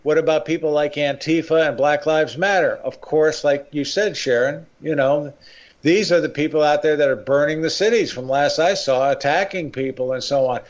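A man's voice: fairly high pitch, normal speed. Older man rambling on talk radio, muffled. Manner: rambling, many fillers and restarts, opinionated. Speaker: guest writer. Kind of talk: political talk radio interview.

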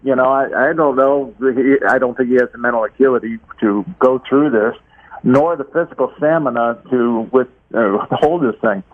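A man's voice: mid-range voice, moderate pace. A man calling into a talk show by phone, speaking with many fillers and repeated words. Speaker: caller. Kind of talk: casual phone interview. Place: Florida. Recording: tinny phone line.

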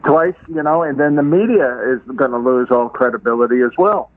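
A man's voice: mid-range voice, brisk. A man calling into a talk show by phone, speaking with many fillers and repeated words. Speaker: caller. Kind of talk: casual phone interview. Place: Florida. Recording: tinny phone line.

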